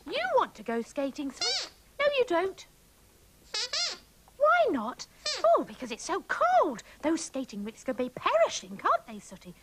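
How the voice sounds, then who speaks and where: A woman's voice: extremely high pitch, huge pitch swings, a little slow, full character voice. A woman voicing a chatty, bossy young female panda puppet who giggles and schemes. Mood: chirpy scheming. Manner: sing-song, giggly, scheming. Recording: hissy old VHS tape.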